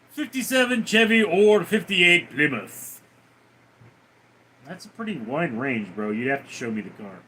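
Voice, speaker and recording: A livestream host with a fairly high, slightly bright voice reads viewer comments aloud and responds with crude, teasing banter. A little hiss or hum is present.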